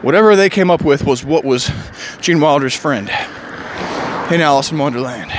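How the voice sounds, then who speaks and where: A man's voice: a little high, expressive, normal speed, noisy background. Rambling, sighing man musing alone. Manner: musing, digressive, sighs often. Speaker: vlogger. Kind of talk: rambling solo monologue.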